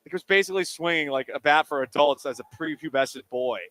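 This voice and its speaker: A man's voice: on the high side, fast, dry recording. A man hosting a sports radio show, chatting casually and joking with listeners' questions. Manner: animated, jokey, talks while eating. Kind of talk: casual call-in radio talk. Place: radio studio. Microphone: studio microphone.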